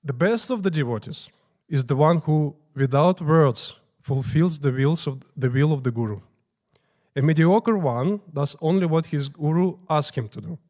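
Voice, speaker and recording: A temple priest telling informal, halting stories about his teacher during morning prayers in a temple. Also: on the high side, a little mellow. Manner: informal, halting, restarting phrases. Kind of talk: storytelling talk at morning prayers.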